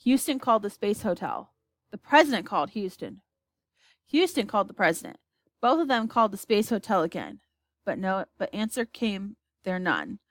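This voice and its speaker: A woman reading a children's storybook aloud, with expressive narration. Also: mid-range voice, moderate pace, no room sound. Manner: expressive, lively character voices. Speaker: audiobook reader.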